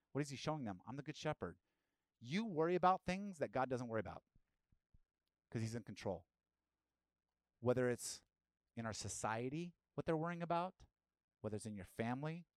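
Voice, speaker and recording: A man's voice: medium pitch, darkish tone, no room sound. A man preaching a sermon as pastor, asking the listeners direct questions and rising into emphatic bursts.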